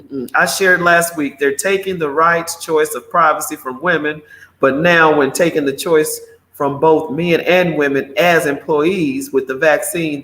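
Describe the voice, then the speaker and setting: Outspoken high-voiced man hosting a live show. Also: pushed and bright. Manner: exclamatory, outspoken, talks straight to viewers. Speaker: morning show host. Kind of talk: live commentary, reading viewer comments. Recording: roomy echo.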